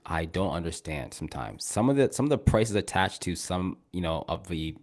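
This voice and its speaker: A man hosting a stock trading live stream, explaining setups in a relaxed, chatty way. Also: low-pitched, moderate pace. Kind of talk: casual live-stream chat.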